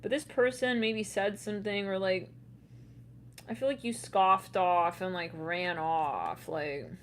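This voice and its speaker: A woman giving a casual tarot reading, chatty and quick to laugh, with loose swearing. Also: mid-range voice, lively intonation, a little hiss or hum. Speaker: tarot reader.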